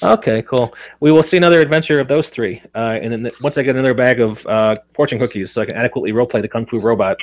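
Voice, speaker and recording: Forties guy hosting a podcast, lots of ums, laughs easy, middle-pitched voice. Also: fast, hardly any pauses. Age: 40s. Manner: rambling, with many fillers and easy laughs. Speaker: podcast host. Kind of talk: casual chat.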